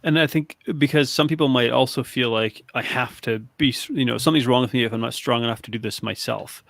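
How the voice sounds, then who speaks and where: A man's voice: mid-range voice, quick pace, vocal fry, a bit bright, dry recording. A man hosting a podcast, speaking thoughtfully, with many restarts and affirmations. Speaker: podcast host. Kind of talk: reflective interview chat.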